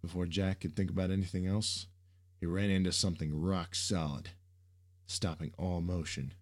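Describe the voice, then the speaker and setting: A man reading an action story aloud in steady scripted narration. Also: low voice, moderate pace.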